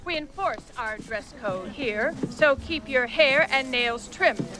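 Bossy park guide trainer, high voice, swoops around, takes it slow. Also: female voice, expressive. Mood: instructing. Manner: brisk, instructive. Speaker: guide trainer in a film clip.

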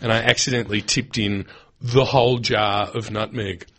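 A man co-hosting a radio show, chatting and telling stories in an animated way. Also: on the low side, normal speed, creaky. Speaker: radio co-host. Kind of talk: casual radio chat. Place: radio studio.

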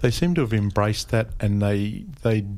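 A man's voice: on the low side, lively intonation, moderate pace, darkish tone. A man chatting casually as a radio guest, rambling and hesitant as he talks.

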